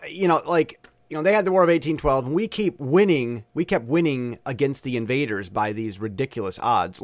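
A man's voice: mid-range voice, dry recording. A man talking alone in a rambling casual monologue, full of restarts and stammers.

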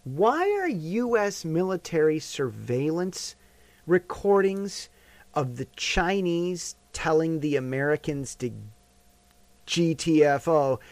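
Brief: talky male commentator, rambling with restarts and questions, high-pitched and expressive. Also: takes it slowly, dry recording. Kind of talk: casual commentary monologue.

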